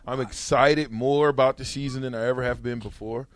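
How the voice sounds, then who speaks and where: A man's voice: mid-range voice, steady tone, a little fast, dry recording. A man co-hosting a casual sports talk show, playful and protesting as he banters with his co-hosts. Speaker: co-host.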